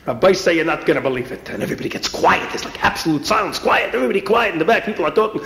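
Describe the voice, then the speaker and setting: Animated male storyteller in a roomy echo. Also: sits high, very fast, hardly any pauses. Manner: animated, energetic. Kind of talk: comic storytelling with character voices.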